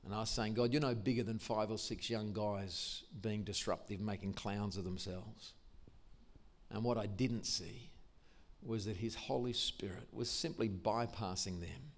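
Older Australian man, church testimony sermon, animated, enthusiastic storyteller. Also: on the low side, a little slow. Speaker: Christian musician and speaker.

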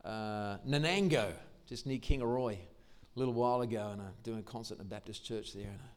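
A man's voice: fairly low pitch, fairly quick, darkish tone. An older man with an Australian accent, giving an enthusiastic storytelling testimony in church. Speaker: Christian musician and speaker. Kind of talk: testimony sermon.

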